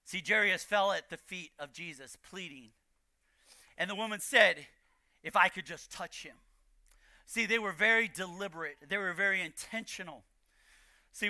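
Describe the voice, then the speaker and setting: High-voiced preaching pastor, sharp tone. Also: male voice, no room sound, clean studio sound. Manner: preaching with rising, shouted emphasis and repeated lines. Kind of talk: sermon. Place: church.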